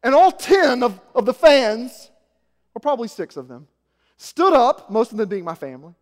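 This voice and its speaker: A man in his forties from Arkansas, preaching a sermon with self-mocking stories, shifting from quiet asides to loud emphasis. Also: extremely high pitch, big pitch swings, moderate pace. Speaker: pastor. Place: church sanctuary. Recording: echoey hall.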